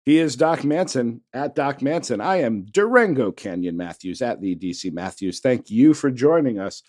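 Chill podcast host guy, lively up-and-down voice, easygoing. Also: medium pitch, normal speed, dry recording, clean studio sound. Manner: easygoing, wraps up the show. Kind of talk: casual podcast chat.

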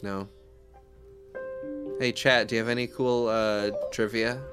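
A man's voice: on the low side, little pitch movement, measured pace, music in the background. A man chatting casually and joking with a friend while streaming a game, cursing often. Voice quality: joking, swears freely.

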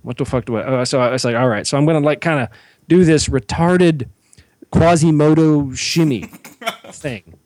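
A man, co-hosting a podcast and telling a profane, animated comic story that he acts out. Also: fairly high pitch, moderate pace, dry recording. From Georgia, US. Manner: animated, swears constantly, acts out his own shouts. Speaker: podcast co-host.

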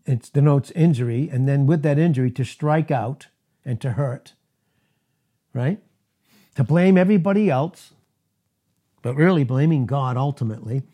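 Husky-voiced preacher, emphatic sermon. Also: male voice. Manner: emphatic, rising to high animated bursts.

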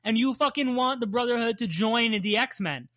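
Podcaster voicing an exasperated young man, indignant, bright, dry. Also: mid-range voice, animated, normal speed, dry recording, close to an everyday voice.

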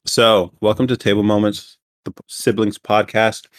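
A man with a lowish voice, chatting casually as the host of a sibling podcast. He jokes and teases often, and he is recorded at home over a voice chat call. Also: little pitch movement, normal speed. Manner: joking, teasing, laughs often. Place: home, separate rooms.

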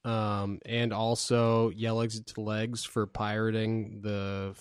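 A man's voice: fairly low pitch, level tone, takes it slowly, clean tone, no room sound, clean studio sound. Man rambling in a casual chat. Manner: rambling storytelling with swearing and fillers. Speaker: podcast co-host.

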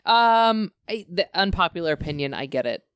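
A woman's voice: lowish voice, lively intonation, moderate pace, clean tone, no room sound. A woman co-hosting a podcast in casual chat, opinionated and laughing often. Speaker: podcast co-host.

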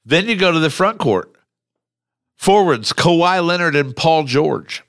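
Bright-voiced blunt male podcast host. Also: a little high, unhurried, no echo, clean studio sound. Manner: animated, blunt, swears and laughs. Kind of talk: casual chat.

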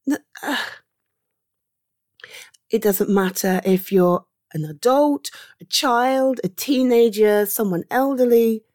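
A woman performing a comfort audio role-play, speaking gently and reassuringly to the listener and sometimes dropping into a whisper. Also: medium pitch, slow pace, dry recording, studio quality.

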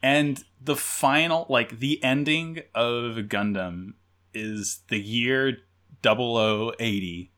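A woman's voice: a bass voice, takes it slowly, a bit bright. A woman co-hosting a podcast, chatting casually and enthusiastically, often repeating words as she talks. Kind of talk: casual chat.

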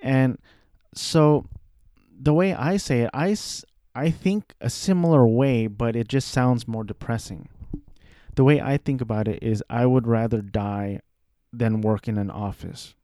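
Man, 30s, rambling self-deprecating vlog talk, mellow tone, dry close sound. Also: mid-range voice, unhurried, no echo. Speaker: aspiring voice actor. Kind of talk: casual personal monologue.

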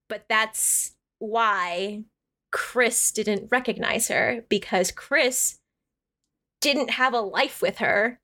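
A woman's voice: fairly high pitch, very slow, sharp tone. A woman co-hosting a podcast, casually recapping a story in a chatty manner full of swearing and "like". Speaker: podcast co-host.

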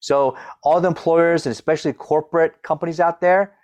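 Appearing as a guest coach in a conversational interview, a middle-aged man explains things through quick demonstrations. He stutters, sometimes repeating the opening sounds of words, and his voice is a little high, steady, and a little mellow.

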